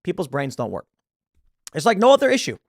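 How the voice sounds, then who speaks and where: An American man hosting casual political commentary, ranting with quick laughs and frequent restarts. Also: high voice, dry recording, clean studio sound. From United States. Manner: ranting, animated, laughs mid-sentence.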